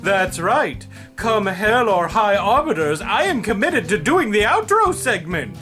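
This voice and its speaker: A man voices a chipper host of a comedy outro segment. His pitch bounces widely as he reads out viewer suggestions with mock earnestness, and music plays clearly behind him. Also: very animated, unhurried. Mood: jaunty.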